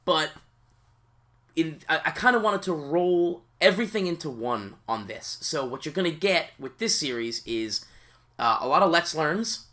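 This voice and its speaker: Sitting on a creaky seat at home, this gaming channel host chats loosely to his viewers during a let's-play, full of fillers and restarts. He speaks at a moderate pace in a sharp, higher-pitched voice with lively intonation.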